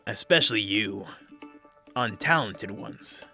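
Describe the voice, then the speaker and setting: A man voicing a huge, friendly male ogre who talks slowly and genially, with a slightly condescending manner. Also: lowish voice, animated, music in the background.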